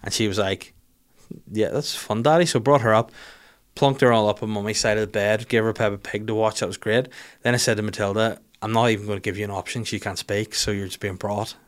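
A man's voice: fairly low pitch, fairly even intonation, quick pace. A man, telling funny self-deprecating stories about his life in casual, sweary talk. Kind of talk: casual storytelling monologue.

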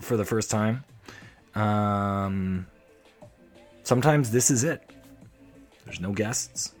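A man hosting a solo comedic podcast, talking in a wry, rambling, self-deprecating way. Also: fairly low pitch. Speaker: podcast host. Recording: faint music playing behind. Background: soft background music.

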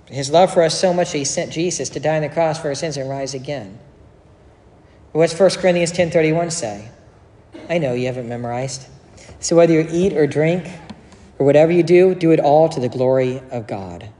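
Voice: mid-range voice, normal speed, dark tone. A pastor delivering a sermon, explaining scripture in a conversational way with joking asides. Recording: echoey hall with long reverb.

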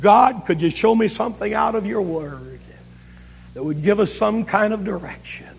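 A man's voice: high-pitched, sing-song, a little slow, vocal fry, slightly rough, exaggerated voice. A man preaching a sermon voices a young missionary wife who tells her husband, through tears, how she prayed for help. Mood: tearful. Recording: reverberant 1970s camp meeting recording.

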